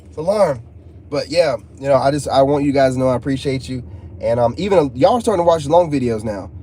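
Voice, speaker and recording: A man with a mid-range, mellow voice speaks briskly and expressively as he hosts a casual live stream. In a laid-back, joking way, he reads messages from the chat aloud.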